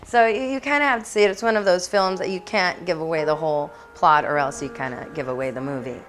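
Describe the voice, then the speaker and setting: A woman's voice: sits low, fast talker, fairly bright tone, slight background noise. A young adult woman, an actress, chatting in an interview in a bubbly, playful way with frequent laughs. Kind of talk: casual interview answers. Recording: music playing behind.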